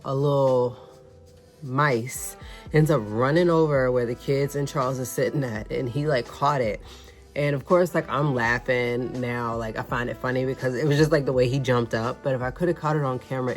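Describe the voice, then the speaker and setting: A young adult woman narrates her travel vlog in an easygoing, conversational way. Her voice is strikingly low for a woman. She talks straight to her viewers, like she's catching up with friends. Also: moderate pace, soft background music. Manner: chatty, storytelling, addresses viewers as y'all. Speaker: vlogger. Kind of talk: casual vlog voice-over.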